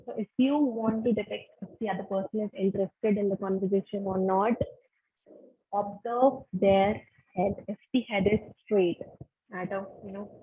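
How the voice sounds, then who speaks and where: Indian woman trainer, webinar talk, very husky, sounds like a phone line, bossy tips. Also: medium pitch, fairly even intonation, normal speed. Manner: instructive, gives direct tips. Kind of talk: online training lecture.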